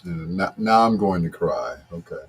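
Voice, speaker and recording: A man's voice: sits low, sing-song, moderate pace, vocal fry, slightly rough. A man hosting a late-night love-songs radio show, chatting casually and greeting listeners by name. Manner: laid-back, chatty, talks to listeners by name.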